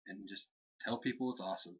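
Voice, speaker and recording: A man's voice: sits low, fast talker, husky. A young man co-hosting a wrestling review show, casually rambling through recaps and acting out lines. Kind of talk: casual chat. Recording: dull lo-fi home recording.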